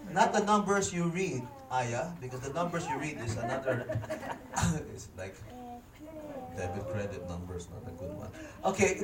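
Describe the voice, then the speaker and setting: A man with a Filipino accent preaching a sermon, joking and chatting with the congregation as he teaches. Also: high-pitched. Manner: jokey, switches between English and Tagalog, interacts with congregation. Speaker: pastor. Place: church hall. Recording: echoey hall, speaker far from mic.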